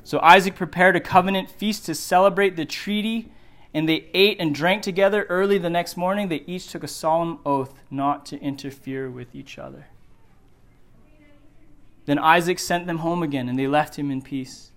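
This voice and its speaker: Man, middle-aged, pastor, sermon, earnest, repetitive emphasis, slightly high-pitched. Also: normal speed. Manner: earnest, repeats phrases for emphasis, drops soft for quotes. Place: church sanctuary.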